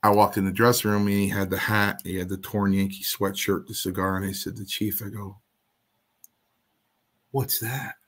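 A man's voice: low-pitched, monotone, brisk, few pauses. A man guest in an interview, telling a story in a casual way and acting out the other voices in his quotes.

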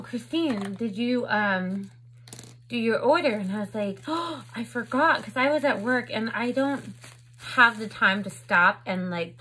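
A woman in her thirties talks casually to her camera at home as she unboxes makeup. Her bright, forceful voice sits at an everyday pitch, and she rambles freely with plenty of "like" and "um" fillers. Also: husky, low-quality recording. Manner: chatty, filler-heavy with lots of "like" and "um". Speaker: beauty vlogger. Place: home, indoors. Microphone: camera on a stand with ring light.

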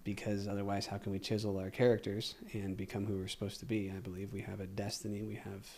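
A man in casual podcast chat as a guest, telling lively stories and then turning soft and reflective. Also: fairly low pitch, vocal fry. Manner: animated storyteller, acts out quoted voices; slows and drops to soft reflective tone.

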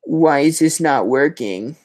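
A man's voice: on the high side, animated, slow pace, darkish tone. A man hosting a casual live stream, rambling and chatty, with self-mocking asides as he fumbles through his setup. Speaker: host of a Halloween prop channel live stream.

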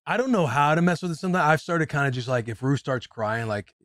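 A man's voice: fairly high pitch, expressive, fast, fairly bright tone, no echo, clean studio sound. A man in his thirties co-hosting a podcast, telling a story in casual chat and now and then breaking into off-key singing. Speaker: podcast co-host.

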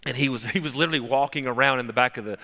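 A man's voice: medium pitch, racing, gravelly, pushed and bright, in a large hall. A man preaching a sermon as pastor, telling stories conversationally with frequent restarts. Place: church sanctuary.

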